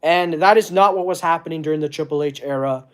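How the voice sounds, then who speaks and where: A man's voice: fairly high pitch, a bit bright. A man chats on a live stream, reading out viewer comments. He talks earnestly, stopping and restarting as he hunts for the right words. It sounds like a streaming mic at his desk. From Canada. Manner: halting, searching for words, earnest. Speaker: wrestling channel host. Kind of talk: casual livestream chat reading comments.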